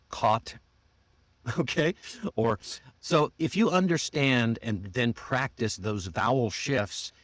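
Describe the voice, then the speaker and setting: A man with an American accent teaching an online English accent lesson, modeling phrases slowly and deliberately. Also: mid-range voice, no room sound. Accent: General American.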